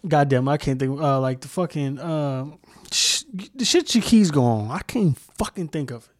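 A man's voice: fairly high pitch, expressive, normal speed, dry recording, studio quality. Heated, profane young man ranting solo. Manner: profane, heated, rambling with restarts. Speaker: podcast host. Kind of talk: casual solo podcast rant.

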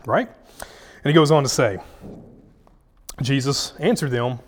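A man teaching a Bible study in a relaxed, conversational way, dropping in slang and checking in with "yeah?" and "right?". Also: medium pitch, slow pace, long pauses, in a large hall.

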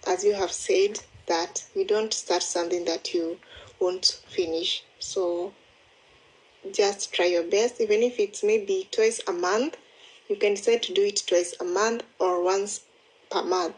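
A woman speaks slowly in a casual voice message, rambling and apologizing and restarting her sentences. A faint hiss of noise sits under her voice. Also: medium pitch, steady tone, low-quality recording. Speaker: listener replying by voice message.

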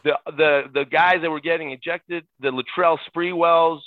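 A middle-aged man, a podcast guest, telling lively stories in a casual chat, excitable and quick to laugh. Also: a little high, no room sound. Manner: excitable, jumps into shouted impressions and laughs. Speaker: guest, former ballboy. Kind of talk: animated storytelling in casual chat. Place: at home in Utah. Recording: tinny phone-line sound, dry.

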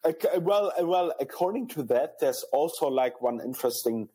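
Hesitant male podcast guest, husky voice. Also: fairly high pitch, lively intonation, mellow. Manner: hesitant, halting with fillers. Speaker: podcast guest, startup founder. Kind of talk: casual podcast chat.

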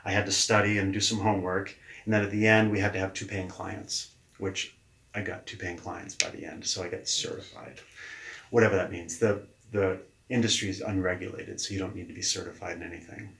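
Lively, story-telling man in an echoey room. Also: deep voice, brisk, vocal fry. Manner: lively, acts out quoted dialogue, casual swearing. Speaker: leadership coach, podcast guest. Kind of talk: casual storytelling in an interview.

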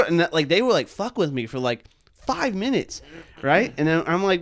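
A man's voice: fairly high pitch, very animated, fast talker, dry recording, studio quality. A young man co-hosting a podcast, telling long stories in a rambling, profane way, full of "dude" and "man". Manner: rambling, swears a lot, heavy fillers like "dude" and "man". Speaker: podcast co-host. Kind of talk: casual chat, storytelling.

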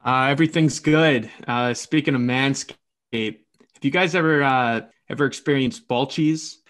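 A man co-hosting a podcast, speaking in a hesitant, halting way with many pauses. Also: medium pitch, a bit bright. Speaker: podcast co-host. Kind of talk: casual podcast banter.

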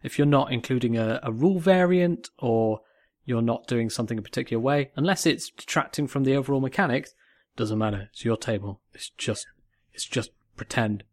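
A man's voice: medium pitch, fairly quick, dry recording. Jokey man, dry sound. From North West England. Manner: jokey and animated, repeats phrases for emphasis. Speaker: podcast co-host. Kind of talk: casual podcast chat.

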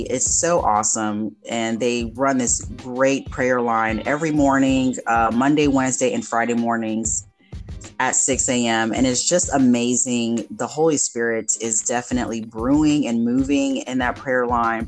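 A woman co-hosting a casual faith podcast, chatting in an upbeat, talkative way. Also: extremely low pitch. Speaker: podcast co-host.

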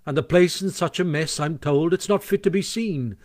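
A man's voice: on the high side, moderate pace, a little mellow, lightly acted. A man voicing a sensible, fretful male water rat in an audiobook reading, earnest and warning. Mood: gossipy. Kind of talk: audiobook character voice.

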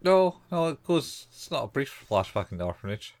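A man's voice: mid-range voice, very animated, moderate pace, a little mellow. A man co-hosting a podcast, chatting casually about an anime and chiming in with short agreements. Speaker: podcast co-host. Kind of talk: casual chat recapping an anime.

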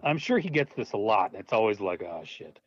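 A man with an animated, swooping voice tells a story as a guest, laughing and doing little voices for the people in it. The sound is dull and lo-fi, with no room echo at all. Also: lowish voice, a little fast. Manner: animated, laughing, acts out voices in his stories. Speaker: guest, low-budget filmmaker. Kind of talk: casual anecdotal storytelling. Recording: dull, dry lo-fi audio.

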